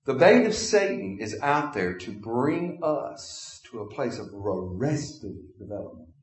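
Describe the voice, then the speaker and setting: A man's voice: fairly low pitch, very animated, a little slow, roomy sound. A man preaching a sermon as pastor, acting out imagined conversations with his congregation. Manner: acts out imagined dialogues with congregation.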